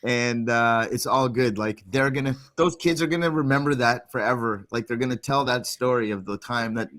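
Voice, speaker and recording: Animated rambling male podcast host. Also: mid-range voice, moderate pace. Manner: animated, rambling, swears casually. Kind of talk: casual storytelling chat.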